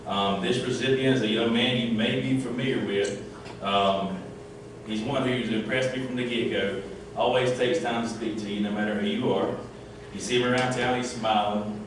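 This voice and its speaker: A man presenting an award, sincere and a bit halting with fillers. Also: mid-range voice. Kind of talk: prepared award speech. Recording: echoey hall, distant mic, room noise.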